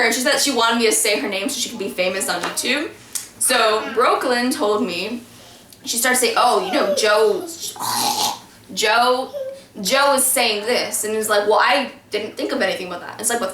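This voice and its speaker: A woman's voice: fairly high pitch, pushed and bright. A young woman telling a story in casual chat, rambling with many fillers and restarts. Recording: echoey room, from far off.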